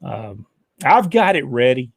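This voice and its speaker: A man's voice: medium pitch, big pitch swings, unhurried. A man co-hosting a casual podcast, talking in a rambling, folksy way and laughing often. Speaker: podcast co-host. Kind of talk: casual chat.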